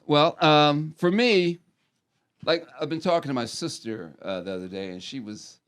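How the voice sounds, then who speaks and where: A man's voice: on the high side, normal speed, a bit bright. A middle-aged American man telling loose, profane stories as a podcast guest, trailing off and restarting his sentences. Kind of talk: loose rambling storytelling.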